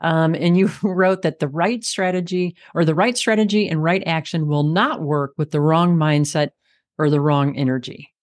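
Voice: mid-range voice, steady tone, moderate pace, no echo. A podcast host who responds to the guest with brief, affirming reactions and asks questions. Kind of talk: podcast interview.

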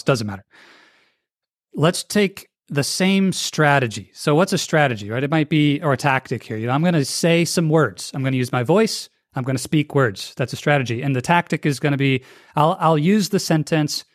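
A man's voice: on the high side, no room sound, clean studio sound. A man being interviewed on a podcast, talking with energy and acting out the voices he quotes. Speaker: guest.

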